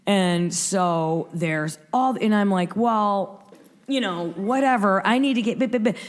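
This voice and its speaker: A woman in her fifties from Michigan, a radio host telling an anecdote in a rapid, breathless way, acting out quotes as she goes. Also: medium pitch. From Michigan, USA. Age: 50s.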